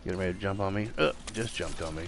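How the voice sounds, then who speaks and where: A man's voice: deep voice, very fast, gravelly, heavy background noise. A man chatting casually while playing a game at home, rambling with many fillers and restarts. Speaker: gaming streamer. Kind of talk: casual chat while gaming. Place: home room.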